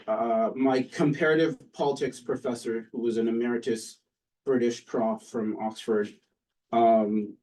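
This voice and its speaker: A man's voice: medium pitch, mellow. Man lecturing from a distant mic. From Canada. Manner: conversational, with frequent "um" and "uh" pauses. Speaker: political science professor giving a book talk. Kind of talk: academic lecture. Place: lecture room with an audience.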